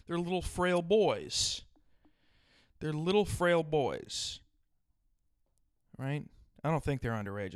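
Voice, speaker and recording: A man's voice: a little high, expressive, measured pace, clear, resonant tone, no echo, studio quality. A man hosting his own podcast, riffing crudely and profanely in a rambling solo rant. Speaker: podcast host.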